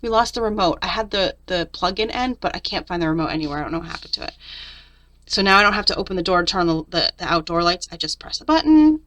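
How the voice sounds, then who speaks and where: A woman's voice: on the low side, expressive, fast talker, a bit bright. A middle-aged woman chatting candidly through a journal flip-through, venting about her week. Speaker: papercraft vlogger.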